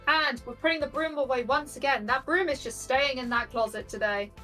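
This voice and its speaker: A woman giving live tournament commentary on a competitive game, bubbly and quick to laugh. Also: high-pitched, bright, forceful tone, soft background music, poor audio. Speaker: esports commentator.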